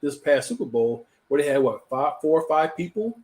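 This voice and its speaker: A man's voice: a little high, sing-song, moderate pace, darkish tone. A man hosting a live talk show, chatting casually and often repeating words as he gets a thought going. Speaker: host.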